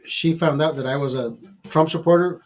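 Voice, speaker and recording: A man's voice: a little high, brisk. A man telling a raunchy story in a casual monologue, profane and rambling, often restarting his sentences and amused by himself. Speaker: vlogger.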